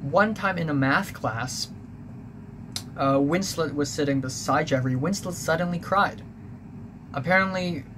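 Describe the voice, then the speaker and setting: Rambling young man, noisy room. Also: fairly high pitch. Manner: rambling, confessional, many fillers and restarts. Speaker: vlogger. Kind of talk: personal storytelling monologue. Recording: clear background noise.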